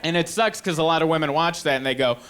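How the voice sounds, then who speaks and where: A male stand-up comedian on a club stage, acting out loud arguments with his partner. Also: a little high, fast talker. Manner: animated, acts out shouting arguments with his partner. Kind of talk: stand-up routine. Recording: loud crowd and noise. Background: audience laughter.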